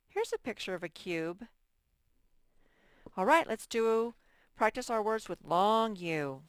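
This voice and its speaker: Woman teacher going over words with little kids, stretches out sounds slowly, dry close sound. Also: mid-range voice, animated, clear, resonant tone, no echo. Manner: drawn-out words, sounding out letters. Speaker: first-grade teacher. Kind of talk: reading lesson for young children.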